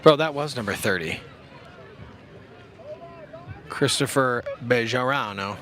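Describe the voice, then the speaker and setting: Calling a youth football game outdoors, the young commentator talks slowly in a medium-pitched voice with a bright, forceful tone. A faint crowd and slight background noise sit behind his relaxed, slang-heavy jokes, many of them at his own expense.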